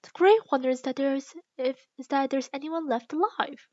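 A woman's voice: high voice, normal speed, a little mellow, dry recording, highs cut off, natural voice. A woman reading aloud, voicing a timid and polite young girl.

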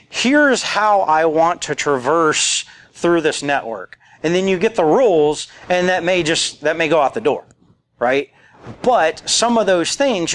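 A man in his forties giving a casual, joking conference talk and quoting old movie lines. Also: on the high side. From rural area. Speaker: conference speaker. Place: conference room.

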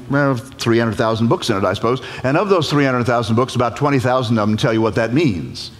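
A man preaching a humorous storytelling sermon, animated, playful and folksy as he retells a scripture story. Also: medium pitch, quick pace, few pauses. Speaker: guest preacher. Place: large church sanctuary. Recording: long church reverb.

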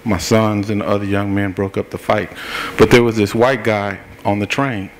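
A man's voice: lowish voice, steady tone, normal speed, slight background noise. A middle-aged man, an activist at a public forum, giving a plain-spoken personal account step by step and acting out what each person said. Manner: plain-spoken, recounts events step by step and acts out what people said. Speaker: activist speaking at a political forum. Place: forum meeting room.

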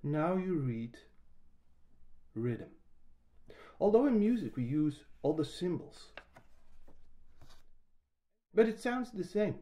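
A man, a piano teacher explaining how to read rhythm, speaking slowly and patiently. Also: fairly high pitch, very animated, dark tone. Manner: slow, patient explanation with sung rhythm syllables. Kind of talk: music lesson, explaining and singing rhythm syllables.

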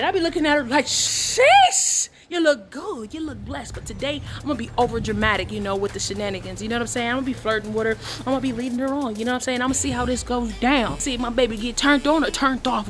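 A young woman in her twenties vlogging to the camera in a casual, hyped, playful way, full of slang. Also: fairly high pitch. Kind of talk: casual vlog talk to camera.

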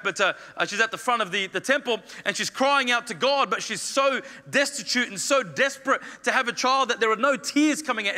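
Male pastor giving an emphatic sermon in a high voice that echoes through a church hall. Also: pushed and bright. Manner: emphatic, repeats phrases, acts out quoted lines. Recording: long reverb of a church hall.

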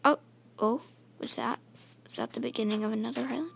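Gamer girl rambling thru her minecraft run, kinda mumbly, fry in her voice, noisy mic hiss. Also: a little high, big pitch swings, a little fast, fairly bright tone. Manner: rambling, mumbly chatter to game animals. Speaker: gaming channel host. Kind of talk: casual Minecraft let's-play commentary.

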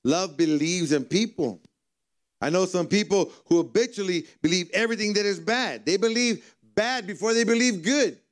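High-voiced man preaching a sermon. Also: moderate pace. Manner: conversational preaching with humorous storytelling. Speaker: pastor. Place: church service.

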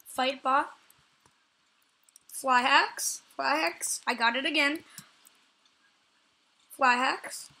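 Speaking very slowly with long pauses, a woman provides live commentary on her gaming channel in a high, bright voice. She's excitable, says the same short phrases over and over, and shouts whenever she catches something.

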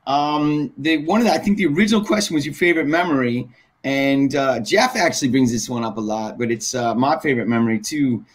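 A man's voice: mid-range voice, brisk. A man recalling his dubbing work as a guest, thoughtful and full of fillers. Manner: reflective, many fillers. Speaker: voice actor guest. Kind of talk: casual chat.

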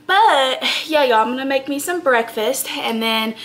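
A young woman casually chatting to the camera in a relaxed vlog, with a runny nose. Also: high-pitched, a little hiss or hum. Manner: laid-back, speaks slowly and plainly to the camera. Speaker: vlogger.

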